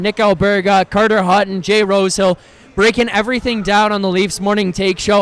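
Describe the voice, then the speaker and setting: A man's voice: sits high, fairly bright tone, clean tone. A man hosting a live post-game reaction stream, ranting in a heated, profane, exasperated way, often stumbling over his words as he restarts.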